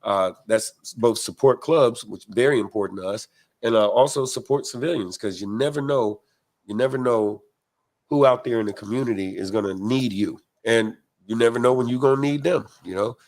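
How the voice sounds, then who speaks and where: A man's voice: mid-range voice, moderate pace, a little mellow. A man from the United States hosting a biker livestream, chatting casually and reading viewer comments in a laid-back, slang-heavy way.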